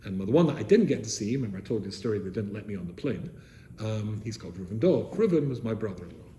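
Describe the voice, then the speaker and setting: An older man from England, a rabbi telling stories to seminary students, animated, with rhetorical questions, swinging from loud to soft. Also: on the low side, fast talker. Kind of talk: storytelling talk to students. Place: seminary room, indoors. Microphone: camera he set up himself. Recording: echoey room with faint noise.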